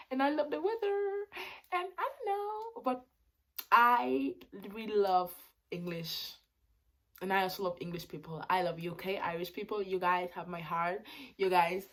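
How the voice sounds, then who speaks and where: A woman in her twenties, a native Spanish speaker, talking in a casual vlog into her phone, swinging between loud excited bursts and quiet reflective stretches. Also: on the low side. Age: 20s. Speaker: vlogger.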